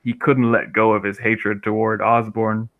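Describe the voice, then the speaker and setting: A man's voice: lowish voice, little pitch movement, normal speed, narrow, tinny audio. A man co-hosting a casual gaming podcast, explaining his views thoughtfully and at length. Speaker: podcast co-host.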